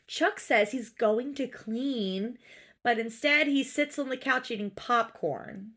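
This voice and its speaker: A woman's voice: a little high, slow pace, fairly bright tone. Exasperated woman ranting on a podcast. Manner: exasperated, swears often, mimics people in quotes. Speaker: podcast co-host. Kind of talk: casual recap chat.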